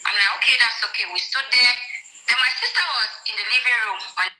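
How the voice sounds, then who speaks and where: A woman's voice: a little high, fast talker, pushed and bright. Woman from Cameroon, interview guest, telling her story, echoey, phone-like sound. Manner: recounting, quotes others' words.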